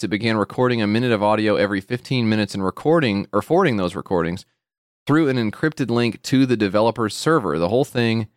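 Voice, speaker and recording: Animated, swearing podcast host, dry mic. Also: male voice, no room sound. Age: adult with a wife and kid. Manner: animated, profane, jumps into high mock voices. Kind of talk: casual comedic chat.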